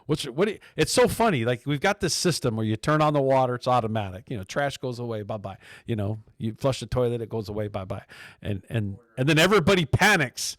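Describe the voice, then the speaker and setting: A man's voice: mid-range voice, animated, fast, a bit bright, no echo, clean studio sound. A man hosting a casual labor radio show, talking loosely with lots of fillers, restarts and sarcastic asides. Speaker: talk show host.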